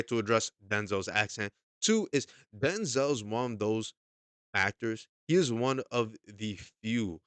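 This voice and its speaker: Guy ranting about a movie, low-ish voice, dry sound, keeps saying okay and cussing. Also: bright, forceful tone, no echo. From United States. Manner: emphatic, repeats himself, says "okay?" often, swears casually. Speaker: movie reviewer. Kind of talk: casual opinionated review.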